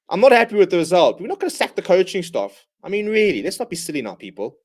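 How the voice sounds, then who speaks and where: A man with a fairly high voice hosts a live rugby watchalong, ranting in exasperation at his own team. He calls the action in short, clipped bursts between complaints. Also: big pitch swings, fast talker, few pauses. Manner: exasperated, ranting fan commentary. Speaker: watchalong host. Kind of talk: live match watchalong commentary.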